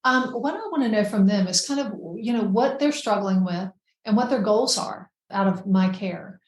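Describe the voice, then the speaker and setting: A woman's voice: mid-range voice, normal speed, a little mellow. A middle-aged woman, a physician guest, talking casually and earnestly in an interview, often repeating words as she goes. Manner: earnest, friendly, frequent word repeats. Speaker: gastroenterologist guest. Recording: echoey room.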